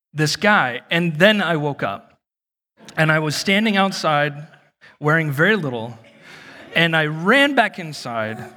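A man in his thirties preaching a sermon in a church hall, telling stories with lively acted-out moments. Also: a little high. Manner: animated storytelling, acts out shouted quotes. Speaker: pastor. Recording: long reverb of a large hall.

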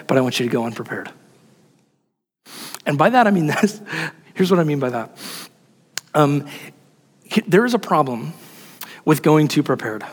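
A man preaching a sermon in an animated, emphatic way, asking rhetorical questions. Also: a little high, breathy edge, big-room sound. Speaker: pastor.

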